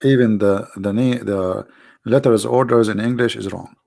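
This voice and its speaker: A man with an Arabic accent hosting a live online talk, animated and mocking, often repeating himself. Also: fairly low pitch, normal speed, gravelly. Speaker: online show host. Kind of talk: casual live-stream talk.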